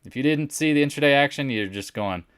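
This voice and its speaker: A man hosting a casual live stock market recap, animated and sarcastic, often teasing imagined viewers. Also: mid-range voice, quick pace, clean tone, dry recording, studio quality.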